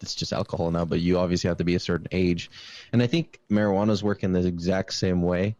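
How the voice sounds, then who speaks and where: A man's voice: deep voice, steady tone, quick pace, a little mellow, dull audio. A young man hosting a casual podcast chat, talking in a laid-back, rambling way with fillers. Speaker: podcast host.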